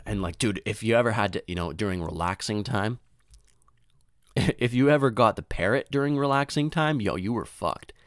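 A man's voice: on the low side, normal speed, no echo, clean studio sound. A young man rambling through a profane, slangy story in casual monologue, often jumping into voices for the people in it.

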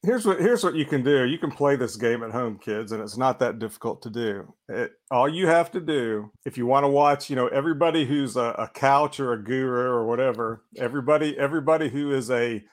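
A man's voice: medium pitch, a little fast, hardly any pauses. A man co-hosting a casual talk show, speaking in a crude, scornful, lecturing way. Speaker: podcast co-host. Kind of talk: casual chat.

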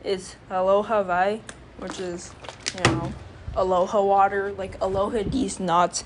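Slow, rambling woman vlogger. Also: mid-range voice, flat delivery, noisy background. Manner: rambling, many filler words and restarts. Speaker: channel host. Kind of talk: casual rambling monologue.

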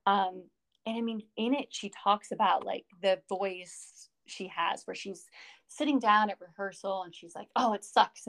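Rambling gravelly-voiced woman podcast host. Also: medium pitch, fairly bright tone. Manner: rambling, many fillers and restarts. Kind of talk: casual podcast chat.

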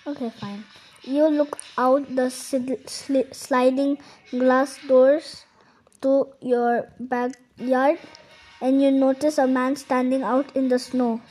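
A young woman co-hosting a podcast, reading a scary story slowly and carefully with small stumbles. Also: high voice, steady tone, dark tone, soft background music, poor audio. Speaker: podcast co-host. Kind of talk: casual chat and reading aloud.

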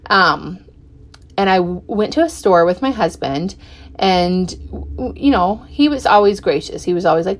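A middle-aged woman telling a personal story in a chatty, animated way, full of fillers and acted-out quotes. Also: fairly low pitch, normal speed. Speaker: podcast guest.

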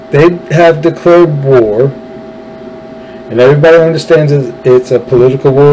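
A man rants through a political monologue, hammering points with repeated phrases. His voice is mellow and dark, and he talks at an unhurried pace. A faint hum of room noise sits underneath. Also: medium pitch, low-quality recording. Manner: ranting, emphatic, repeats phrases. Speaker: political podcast host. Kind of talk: opinionated monologue.

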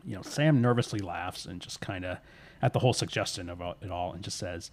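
A man's voice: sits low, a little hiss or hum. A man casually retelling a spooky story, slipping into the characters' lines as he goes. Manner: relaxed, voices characters' lines in quick asides.

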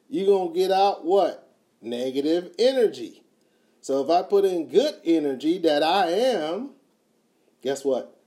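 A man giving a motivational talk, emphatic and repetitive, swinging from quiet to loud. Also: fairly high pitch. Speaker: motivational speaker.

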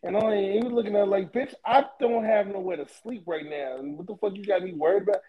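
A man's voice: sits high, fast talker, lo-fi sound, crowd noise. A man co-hosting a podcast, rambling through profane stories in casual chat. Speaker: podcast co-host.

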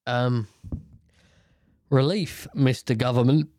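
A man's voice: medium pitch, steady tone, slow pace, dark tone, dry recording, studio quality. A man hosting a podcast, giving blunt, outspoken casual commentary and swearing freely. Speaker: podcast host.

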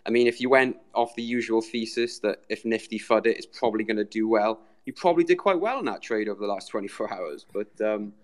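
His voice is lowish and a little fast, with few pauses, as this man from Britain joins a show remotely as its community guest. The talk is a chatty, meandering conversation peppered with "mate."

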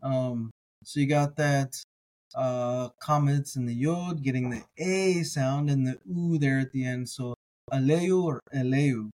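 A man teaching, sounding out words slowly with pauses and restarts, then explaining in a relaxed, chatty way. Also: mid-range voice, poor audio. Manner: relaxed and chatty between readings. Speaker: Hebrew teacher. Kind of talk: slow word-by-word reading lesson.

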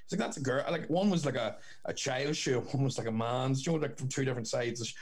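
A man's voice: medium pitch, brisk. A young man, telling rambling stories in casual chat and swearing freely.

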